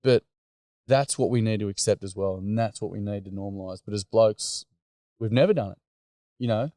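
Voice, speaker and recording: An Australian man talks in candid, blokey casual chat about running workshops. His voice sits a little low, and the sound is dry and close with no room around it. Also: moderate pace, dark tone, dry recording. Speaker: workshop facilitator.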